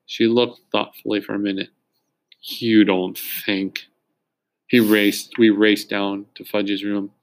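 A man narrating a children's book in the first person, with steady, dry storytelling. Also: fairly low pitch, normal speed, few pauses. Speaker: audiobook narrator.

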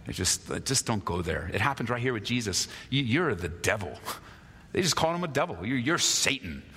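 A male pastor preaching an animated sermon, acting out quarrels and asking the listeners questions. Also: medium pitch, a little fast, husky. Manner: animated, acts out quarrels in lively voices. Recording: long hall reverb.

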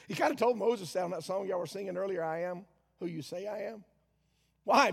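A preacher with a very high, gravelly voice delivers a sermon. He reads scripture slowly with heavy emphasis, then drops into a casual aside. The sound carries a long reverb from a large church hall. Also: expressive.

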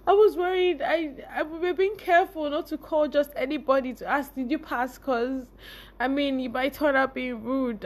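A young woman with a Nigerian accent tells a personal story straight to her viewers. Her voice sits high and keeps breaking into laughter and tearful emotion. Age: young adult. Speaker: vlogger.

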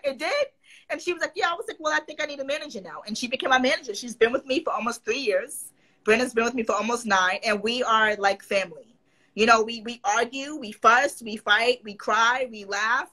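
In a rough recording, a woman with a fairly high voice appears as a guest in a casual interview. She tells her stories animatedly, mimicking what others said in put-on voices.

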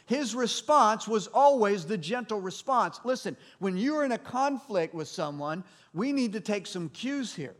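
A middle-aged pastor with a fairly high male voice delivers a sermon to his congregation. He preaches in a conversational way and keeps turning to the room with questions. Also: animated, unhurried, few pauses, a bit bright. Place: church hall before a congregation.

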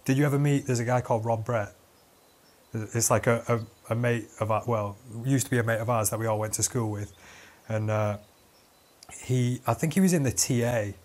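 A man's voice: medium pitch, normal speed, a little mellow. Sweary, laughing man. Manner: laughing, sweary anecdote-telling. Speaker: podcast host. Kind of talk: casual storytelling chat.

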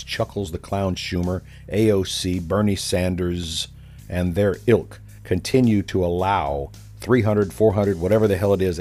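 A low-voiced man delivers a ranting political monologue with a sarcastic edge. He tells his story as a commentator would, while faint music plays softly behind him.

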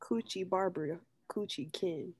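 A laid-back woman tossing out dry rhymes in casual chat. Her voice is dark and husky. The sound is close and dead, with no room around it. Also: lowish voice, a little slow, dry recording. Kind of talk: casual chat, rhyming word game.

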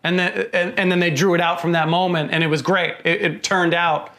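Male co-host, fairly high voice, exasperated and stammering casual film critique. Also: flat delivery, brisk, fairly bright tone. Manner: stammering restarts, exasperated complaining. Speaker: podcast co-host. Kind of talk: casual film review chat.

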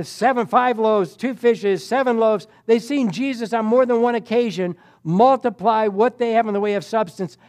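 A middle-aged man preaching a sermon, acting out scripture scenes with sudden swings between loud and soft. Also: sits high. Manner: animated, acts out Bible dialogue with sudden loud and soft swings.

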